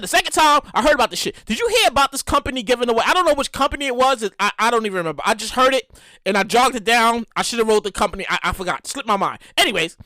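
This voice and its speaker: A young woman hosting a casual solo podcast, loud and animated, swearing freely and acting out the people she talks about. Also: high voice, dry recording. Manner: animated, loud, swearing, acts out customers and cashiers. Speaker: podcast host.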